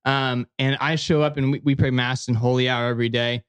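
Lively man telling a story. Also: mid-range voice, fairly quick, clear, resonant tone. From United States. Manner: lively, laughs while telling a story, acts out other people's lines. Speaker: podcast guest. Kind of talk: casual storytelling.

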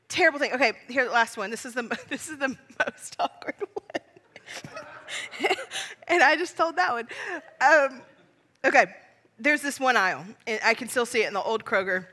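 A woman's voice: fairly high pitch, brisk, pushed and bright, big-room sound. A woman in her thirties preaching a sermon, telling funny family stories in a chatty, self-deprecating way and laughing along.

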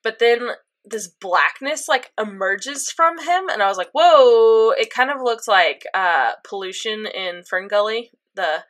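A young woman chatting casually, retelling an episode with lots of fillers and animated reactions. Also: mid-range voice, unhurried, few pauses. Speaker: co-host recapping an anime episode. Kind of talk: casual chat.

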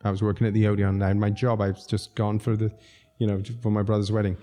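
This restaurateur from Zambia is a fast talker with a lowish voice, sharing lively anecdotes as a guest in casual conversation, often laughing and acting out quotes.

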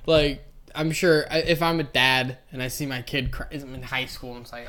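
Co-host, woman with a low voice, crude and blunt humor. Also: normal speed, fairly bright tone. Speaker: podcast co-host. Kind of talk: casual chat.

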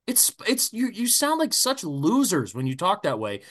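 A man rants on a sports podcast, swearing freely and heated. His voice jumps all over the place in pitch. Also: huge pitch swings, normal speed, fairly bright tone. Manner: profane, fired-up ranting. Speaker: podcast co-host.

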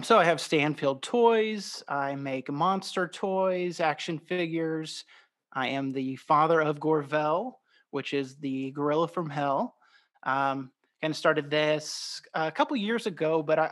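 A man's voice: fairly high pitch, a bit bright. A man in his thirties from Southern Illinois, a guest on a podcast, easygoing and joking in casual chat. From Southern Illinois, USA. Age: 30s. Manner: easygoing, self-deprecating jokes. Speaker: podcast guest, toy maker.

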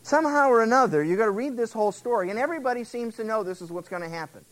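Male pastor, fairly high voice, casual storytelling sermon. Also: lively intonation, very fast. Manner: casual, conversational Bible storytelling; acts out the characters' words in quotes.

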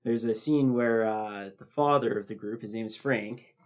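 A man's voice: on the low side, moderate pace, a little mellow. Man retelling scenes in podcast chat. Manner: storytelling with acted-out quotes. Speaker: podcast co-host. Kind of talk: casual chat.

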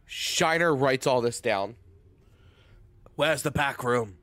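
A man's voice: medium pitch, animated, slow pace, fairly bright tone, dry recording. A man playing a tabletop game, talking casually with jokes and swearing. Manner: casual, profane, jokey. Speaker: player. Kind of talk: tabletop role-play.

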